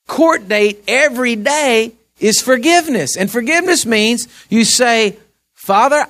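A man preaching a sermon to his church, earnestly moving between hushed storytelling and raised exhortation, often repeating words as he presses a point. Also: very high voice. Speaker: pastor.

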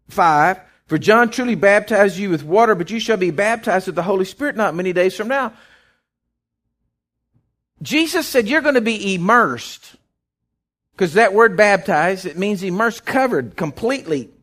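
A man's voice: high-pitched, a bit bright. A man preaching a folksy sermon, often repeating words as he goes. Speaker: pastor.

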